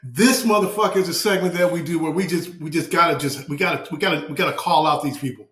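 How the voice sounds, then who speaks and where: A man's voice: fairly high pitch, quick pace, a bit bright, reverberant. A man co-hosting a podcast, delivering a passionate, profane comedic rant with lots of repeated phrases. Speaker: podcast co-host.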